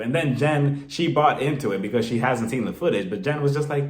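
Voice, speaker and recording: A man giving an animated, gossipy casual video review, recapping with frequent laughs. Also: mid-range voice, a little fast, few pauses. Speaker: TV show reviewer. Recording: roomy echo.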